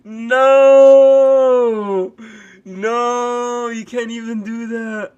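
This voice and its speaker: A young man live-streaming, his voice pitched high as he talks through clips in a loose, rambling way. He speaks slowly and unhurriedly, breaking into hard laughter often and swearing freely. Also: animated, a bit bright, highs cut off. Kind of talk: casual live-stream reaction chat.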